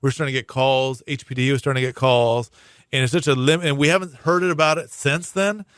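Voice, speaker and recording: A man's voice: mid-range voice, fairly even intonation, fairly quick, fairly bright tone, clean tone, no echo. Man explaining things, dry studio. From Hawaii. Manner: chatty, explanatory, many fillers and restarts. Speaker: prosecuting attorney guest. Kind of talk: casual radio interview. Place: radio studio.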